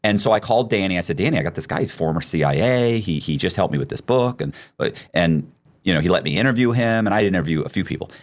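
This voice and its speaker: A man hosting a podcast, telling a long story in a loose, profane, animated way with many restarts. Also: sits low, fast. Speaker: podcast host. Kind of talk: casual storytelling.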